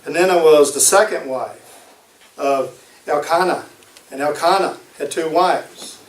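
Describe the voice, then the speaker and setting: A man's voice: fairly high pitch, a little slow, far from the mic. A man preaching a sermon, emphatic and repeating his key phrases. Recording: echoey room, voice from off-mic.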